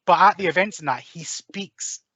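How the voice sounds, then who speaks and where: Bright, teasing podcast guy. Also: high voice, normal speed, no room sound, lo-fi sound. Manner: teasing, jokey asides. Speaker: podcast co-host. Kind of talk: casual chat reviewing a film.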